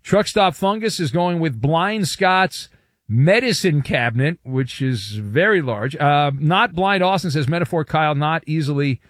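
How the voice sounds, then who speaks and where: A man hosting a sports radio show, loud and jokey, reading listener messages over a music bed. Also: fairly high pitch, expressive, unhurried, no room sound, clean studio sound. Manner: loud, jokey, sing-song. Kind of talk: sports radio banter and promo reads.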